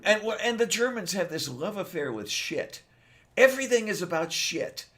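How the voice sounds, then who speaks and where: A man's voice: high-pitched, big pitch swings, normal speed, noisy background. A man co-hosting a casual chat, rambling and hesitant, with many ums. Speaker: podcast co-host.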